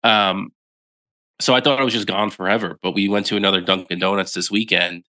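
A man's voice: sits low, fairly even intonation, a little fast, pushed and bright. A man co-hosting a podcast in casual chat, sounding nasal and congested from a cold, joking and reading a listener email aloud. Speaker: podcast co-host.

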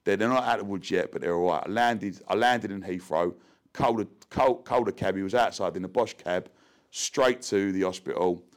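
A middle-aged man, telling an emotional personal story as an interview guest, animated and repeating words as he rushes on. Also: low-pitched.

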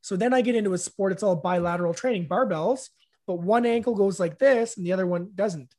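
A man's voice: high-pitched, brisk, darkish tone. A man hosting a casual interview, speaking conversationally with frequent fillers. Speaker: podcast host.

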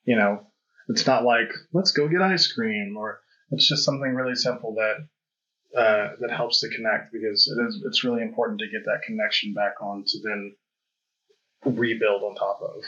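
A man hosting a casual podcast conversation, speaking in a low, fairly flat voice with a bright, forward edge. He talks candidly and reflectively, with plenty of fillers. The audio is dull and lo-fi. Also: moderate pace. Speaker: podcast host.

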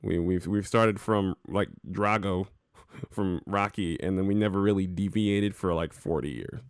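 A man's voice: low-pitched, steady tone, measured pace, clear, resonant tone, no echo, studio quality. A man co-hosting a podcast in casual chat, emphatic and repeating words for stress. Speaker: podcast co-host.

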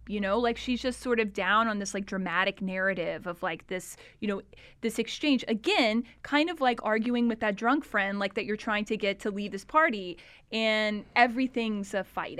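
A woman's voice: a little high, fairly bright tone, smooth, no room sound. A woman co-hosting a podcast, talking through a recorded call in a thoughtful, conversational way with plenty of fillers. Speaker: podcast co-host. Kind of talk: casual chat analyzing a call recording.

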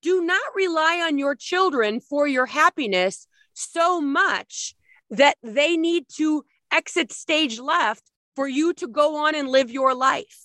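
A woman's voice: sits high, lively intonation, slow pace, a bit bright, no room sound, studio quality. A middle-aged woman giving a blunt, emphatic spiritual talk, swearing freely as she advises people.

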